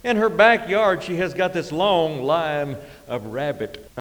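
A man's voice: a little high, measured pace. Folksy male storyteller, hall reverb. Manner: drawling, deadpan, with sound effects and chuckles. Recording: live hall reverb, faint ambience.

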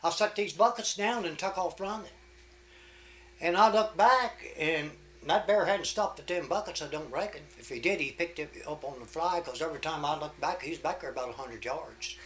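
A man's voice: on the high side, moderate pace, a bit bright, slight background noise. An older man telling folk tales and tall tales in a rambling, folksy way. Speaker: storyteller.

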